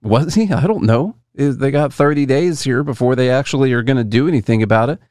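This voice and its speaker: A man's voice: medium pitch, a little fast, darkish tone, no room sound, studio quality. A man hosting a casual commentary show, musing aloud and hedging as he talks to his viewers and answers chat. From United States.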